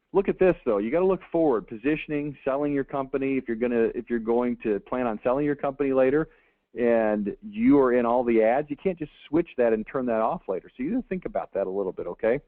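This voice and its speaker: A man's voice: medium pitch, no echo. Man, webinar presenter, conversational and folksy, dry narrow phone-line sound. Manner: conversational, folksy asides, frequent "okay?" checks. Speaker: marketing consultant presenting a webinar. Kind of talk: casual webinar talk.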